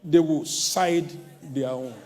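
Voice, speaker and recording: A middle-aged male pastor preaching a sermon, swinging between mocking quoted voices and sudden shouts. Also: on the high side, slow pace.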